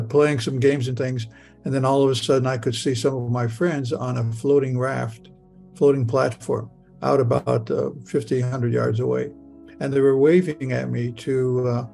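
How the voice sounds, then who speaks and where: An older man from Michigan recounts a personal testimony in the present tense. His voice is gravelly and creaky, pitched in an ordinary middle range. He halts, stammers and repeats words as he speaks. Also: a little mellow. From Michigan, USA. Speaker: interviewee recounting a near-death experience.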